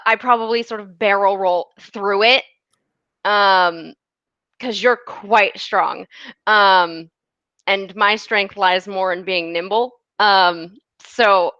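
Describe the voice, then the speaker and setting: Woman player in a tabletop game, um-heavy, slow, dull dry sound. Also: medium pitch, pushed and bright, no room sound. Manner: chatty with frequent ums. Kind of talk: casual tabletop play.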